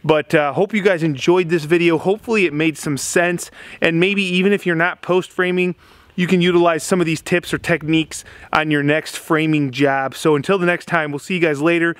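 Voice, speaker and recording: A man's voice: fairly high pitch, fairly even intonation, brisk, fairly bright tone, no room sound. A man, a building contractor, giving a casual how-to explanation in plain-spoken, folksy tradesman talk at an outdoor construction site.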